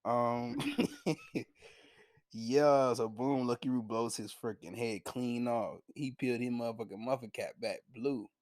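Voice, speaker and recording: A young man reviewing anime in a casual vlog, with a slangy, profane, animated retelling and frequent laughs. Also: mid-range voice, unhurried, no echo, studio quality. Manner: laughs often.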